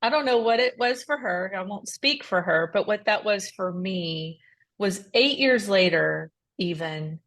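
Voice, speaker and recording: A ministry podcast co-host, a woman, shares a heartfelt story in casual faith conversation. Her everyday medium-pitched voice is expressive and a bit bright, at a measured pace, and she talks earnestly with frequent sentence restarts.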